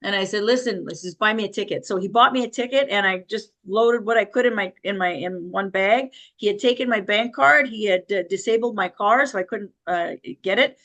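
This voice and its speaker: Talking a little fast with few pauses, a middle-aged woman shares her life story as an interview guest in a medium-pitched, slightly bright voice. She gets emotional, acts out what others said, and laughs nervously along the way.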